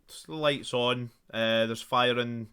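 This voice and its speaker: A man's voice: medium pitch, steady tone, slow pace, pushed and bright, clear, resonant tone. A man narrating as game master of a tabletop game, chatty and laughing often.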